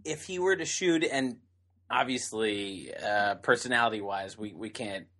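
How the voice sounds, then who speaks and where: A man co-hosting a podcast in casual banter, with dry, deadpan sarcasm. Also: lowish voice, normal speed. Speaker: podcast co-host.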